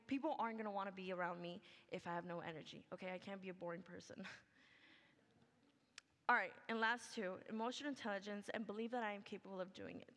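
A woman's voice: medium pitch, a bit bright. Upbeat young woman presenting in a hall. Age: young adult. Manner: upbeat, chatty, fillers like "like" and "okay". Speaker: student presenter. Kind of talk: senior project presentation. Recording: long hall reverb.

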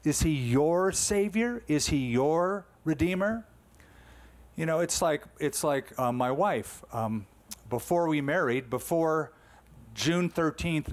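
Man in his sixties, pastor preaching, emphatic and conversational, slightly high voice. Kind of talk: sermon.

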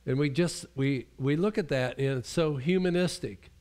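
A man's voice: medium pitch, moderate pace, a little mellow. A male pastor preaching a sermon in a conversational way, often restarting his sentences and acting out the voices he quotes.

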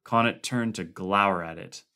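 A man's voice: low-pitched, normal speed, clear, resonant tone. Man reading a horror story aloud. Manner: expressive, voices characters, plain narration between. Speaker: audiobook reader. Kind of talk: dramatic audiobook reading.

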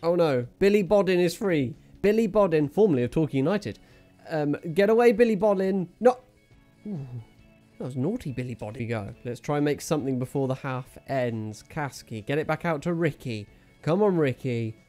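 An excitable man calls his own football game as he plays it, his voice leaping up and down all the time. He cracks jokes and chats to his viewers with faint music behind him. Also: on the high side, moderate pace. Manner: excitable, jokey, talks to viewers and himself. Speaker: gaming channel host. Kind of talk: live video game commentary.

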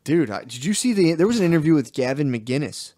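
A man's voice: fairly high pitch, very animated, fast, a little mellow, no echo, studio quality. A young man co-hosting a podcast, reacting and joking in casual, profane banter. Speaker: podcast co-host. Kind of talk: casual chat.

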